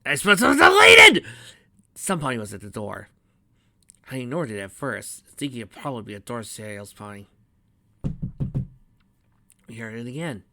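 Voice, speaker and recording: A man reading his fan fiction aloud in the first person, plain and steady. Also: on the low side, moderate pace, long pauses. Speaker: narrator.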